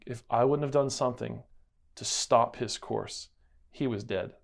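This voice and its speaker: A man's voice: mid-range voice, measured pace, vocal fry. A man co-hosting a casual Bible-study chat, telling a story earnestly. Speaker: co-host.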